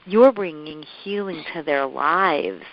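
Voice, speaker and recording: Female interviewer, gentle and affirming; very slow delivery, dull lo-fi recording. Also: sits low. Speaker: interview host.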